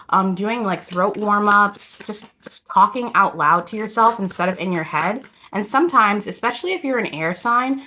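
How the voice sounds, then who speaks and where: A woman's voice: mid-range voice, pushed and bright. A woman giving a casual, rambling tarot reading to camera, talking straight to her viewers. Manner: chatty, rambling, addresses viewers as "you guys". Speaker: tarot reader.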